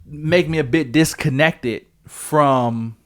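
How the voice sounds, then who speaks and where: A man's voice: fairly high pitch, takes it slowly. A man co-hosting a podcast, chatting casually and thinking aloud, with the odd curse. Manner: animated, swearing, thinks aloud. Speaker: podcast co-host. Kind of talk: casual chat.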